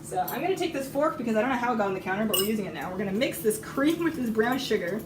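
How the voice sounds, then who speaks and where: A woman with a hoarse, failing voice streams herself baking at home, animated and very fast as she rambles and laughs a lot. Her slightly high voice is recorded from a distance on an iPad in a roomy kitchen, lo-fi and noisy, with clinking pans and cutlery.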